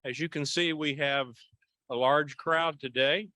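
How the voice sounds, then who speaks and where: A man's voice: fairly high pitch, unhurried, sharp tone, no room sound. Genial man opening a club meeting. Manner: genial, orderly, light self-deprecating asides. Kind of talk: formal welcome and announcements. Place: large banquet room with a crowd.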